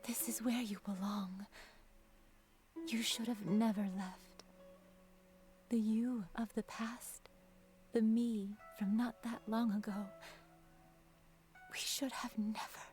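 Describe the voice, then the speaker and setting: An actress voicing a gentle old grandmother who was once a crane, speaking softly and tenderly, often near a whisper, in a game. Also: fairly high pitch, fairly even intonation, slow pace, long pauses, soft background music. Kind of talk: game dialogue.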